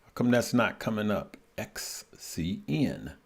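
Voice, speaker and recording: Male livestream host, lowish voice, loose and chatty, reads comments and thinks aloud. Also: big pitch swings, slow pace, gravelly, slightly rough. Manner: chatty, laughs often, greets viewers by name; thinks aloud, trails off while checking charts. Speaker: livestream host for stock and crypto trading. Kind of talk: casual live-stream chat reading viewer comments.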